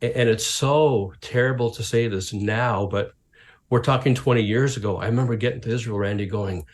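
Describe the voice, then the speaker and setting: A man's voice: medium pitch, brisk. A middle-aged man, a pastor and author, telling stories as a guest in an interview and acting out the voices of people he quotes. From Canada. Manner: lively anecdotes, acts out quoted voices. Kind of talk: interview storytelling.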